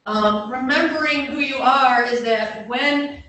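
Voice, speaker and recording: A woman's voice: sits high, slow, sharp tone, far from the mic. A woman counselor giving an informal workshop talk, conversational and self-deprecating, with frequent restarts and questions to check that the audience is following. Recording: very echoey room, voice picked up from afar, faint background hum.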